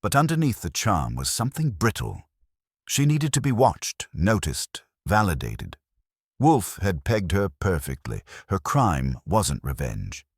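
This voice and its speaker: A man's voice: sits low, very animated, measured pace, breathy edge, no echo. A man narrating a detective audiobook in a wry, dry first-person manner.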